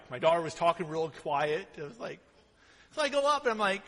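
A middle-aged pastor preaching a sermon, telling stories in an animated, conversational way with quick repeated restarts. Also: male voice, a little high. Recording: long hall reverb.

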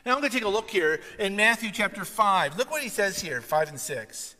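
Man, pastor, sermon, animated storyteller, high voice, bright tone, long church-hall reverb. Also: a little fast.

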